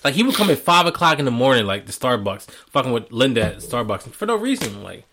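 Lively, animated young man telling stories. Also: mid-range voice, fast talker, a little hiss or hum. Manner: animated storyteller, laughs often, swears freely. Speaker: podcast co-host. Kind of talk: casual podcast chat.

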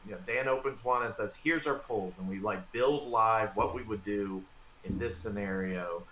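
A man co-hosts a casual podcast chat about a tabletop miniatures game. His voice sits on the low side and bounces around a roomy space, with faint background hiss under it. He talks loosely and with filler words, but gives his advice with conviction. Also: moderate pace, a bit bright. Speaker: podcast co-host.

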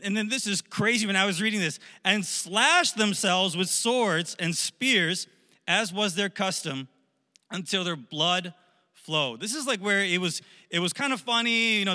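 A man preaching a sermon, telling a story with jokes and animated asides. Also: sits high, normal speed, long reverb tail. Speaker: pastor.

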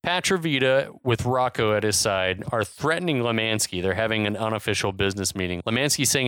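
A man's voice: fairly low pitch, animated, a little fast, few pauses, a bit bright, smooth, no room sound. A man recapping a film on a podcast in casual, profane chat, laughing often. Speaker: podcast co-host.

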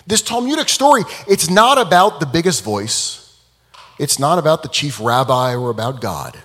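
Guy giving a talk, super lively voice, kinda husky, big echoey hall. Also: a little high, moderate pace. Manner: animated, dramatic storyteller. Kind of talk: public talk with storytelling.

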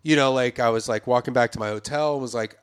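Male podcast host, average pitch, reflective and rambling. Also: fast talker, clean tone. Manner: rambling, filler-heavy, reflective. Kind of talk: casual chat.

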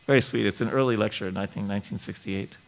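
A man leading a scripture study class, his low voice carrying a gravelly edge. He talks in a halting way, full of fillers and restarts, and reads passages aloud before explaining them. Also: low-quality recording.

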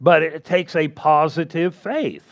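Man preaching, high voice, emphatic, repeats key phrases, asks for agreement. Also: unhurried. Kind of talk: sermon.

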